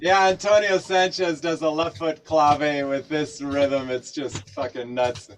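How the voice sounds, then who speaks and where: Drummer humming rhythms, a bit high. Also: male voice, a little slow, recorded from a distance. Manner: relaxed, hums rhythms as syllables. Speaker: student in a drum lesson. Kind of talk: casual chat.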